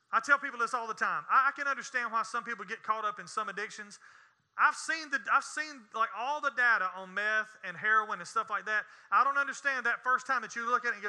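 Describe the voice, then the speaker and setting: A man preaching a sermon, folksy and joking, moving between quiet asides to the congregation and loud, emphatic points. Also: sits high, brisk. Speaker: pastor.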